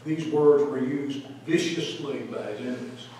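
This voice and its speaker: A man teaching a Bible study in church, quoting verses with animated voices and asking the class questions. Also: mid-range voice, normal speed, a little hiss or hum. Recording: echoey room taped from a distance.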